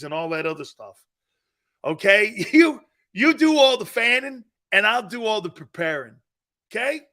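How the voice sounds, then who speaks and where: Animated, laughing sports talk host. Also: male voice, high-pitched. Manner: animated, teasing, laughs often, mock apologies. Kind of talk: live sports talk show, reading viewer comments.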